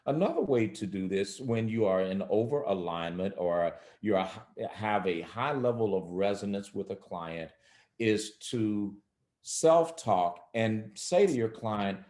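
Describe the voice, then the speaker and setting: A man giving measured, instructive answers in an interview, acting out example phrases for coaches. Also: lowish voice, animated, a little mellow. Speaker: coaching expert guest. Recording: roomy echo.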